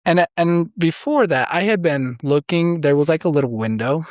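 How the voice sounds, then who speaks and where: Animated man telling a story, dry sound. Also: a little high, moderate pace, no echo. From Idaho, USA. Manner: animated, acts out quoted voices, many fillers. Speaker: podcast guest. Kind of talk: casual storytelling.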